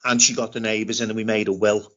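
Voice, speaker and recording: A middle-aged British man telling a personal story in an interview, halting and often repeating himself as he restarts. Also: lowish voice, flat delivery, a bit bright. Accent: British English. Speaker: interview guest. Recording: dull lo-fi recording.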